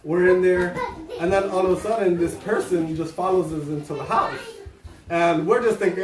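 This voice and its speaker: A man's voice: high-pitched, moderate pace, a crowd in the background. A man co-hosting a casual chat show, telling stories animatedly and acting out what people said. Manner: animated storyteller, acts out quotes. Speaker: co-host. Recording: echoey room, distant mic, noisy.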